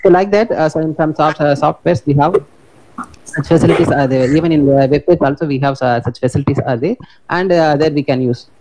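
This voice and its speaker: A college teacher, giving a webinar talk in a halting way with many fillers and restarts. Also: male voice, a little high. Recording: noisy online call audio.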